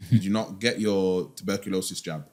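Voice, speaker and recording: A man's voice: low voice, fairly even intonation, fairly quick. A man, a finance guest in a casual podcast interview, talking emphatically and firing off rhetorical questions in a slangy way.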